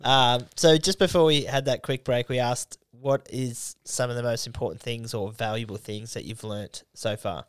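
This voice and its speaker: A man hosts a casual podcast chat in a middle-pitched voice. He swears freely and slips into small impressions while telling stories. The sound is dry and close. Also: normal speed, few pauses, smooth, no room sound. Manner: swears freely, storytelling with mimicry. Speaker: podcast host.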